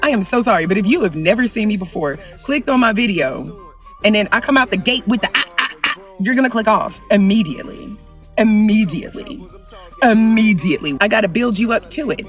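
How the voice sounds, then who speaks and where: A woman vlogger delivers a heated opinion rant straight to camera, hammering her points by repeating them. She swings from low, deliberate lines to loud outbursts. Her voice sits a little back from the mic, with soft music playing behind her. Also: lively intonation, recorded from a distance.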